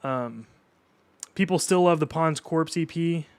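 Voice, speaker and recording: A man's voice: a little high, a little slow, clear, resonant tone, no room sound. A young man streaming live, reacting to new music in a casual, enthusiastic way and chatting with his viewers.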